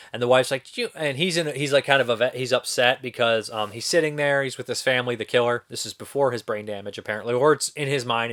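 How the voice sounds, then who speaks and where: Young dude ranting about a weird movie, rambly, kinda disbelieving, cusses a bit, average pitch. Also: male voice, a bit bright. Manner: rambling, incredulous, swears casually. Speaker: movie reviewer. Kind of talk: casual spoken film review.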